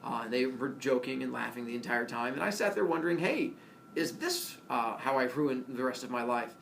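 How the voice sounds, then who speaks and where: A man's voice: a little fast, creaky. A middle-aged man telling a humorous personal story, laughing as he acts out the voices of the people in it. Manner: animated, acts out voices of cops and friends with laughs. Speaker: storyteller speaking to a class. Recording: distant mic with faint rumble.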